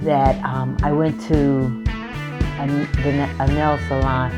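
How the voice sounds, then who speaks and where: Low-voiced woman chatting about her nails, kinda rambly, guitar music playing. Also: little pitch movement, takes it slowly. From North Carolina, USA. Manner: rambling, storytelling with self-corrections. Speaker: nail vlogger. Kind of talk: casual chat.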